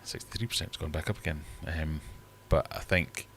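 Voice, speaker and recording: A man's voice: extremely low pitch, a little fast, a bit bright, slight background noise. A man hosting a casual livestream from his fish room, chatting in a rambling, self-deprecating way. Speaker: livestream host and fishkeeper.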